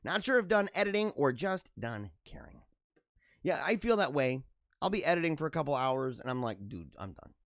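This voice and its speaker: A man's voice: on the high side, big pitch swings, a little fast, no echo, clean studio sound. A man hosting his own talk show, reading jokes aloud and reacting with sarcastic, joking commentary and frequent laughter. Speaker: podcast host.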